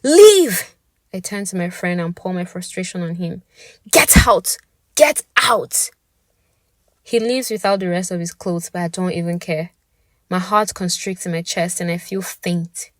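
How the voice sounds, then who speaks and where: Young female storyteller, low pitch, dry close sound, dramatic and intimate. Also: level tone, normal speed, dry recording. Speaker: podcast narrator. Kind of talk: first-person scripted story narration.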